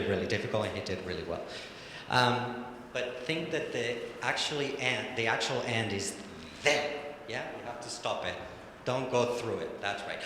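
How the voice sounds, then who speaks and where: A man speaking English as a second language coaches ballet dancers, cheering them on and scatting the rhythm of each step. His voice is bright and carries some edge. The room is a large, ringing hall with a faint hiss underneath. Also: mid-range voice. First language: Spanish. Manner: encouraging, counts and scats rhythms. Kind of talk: live coaching in a studio. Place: large echoey studio hall. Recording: echoey hall, faint noise.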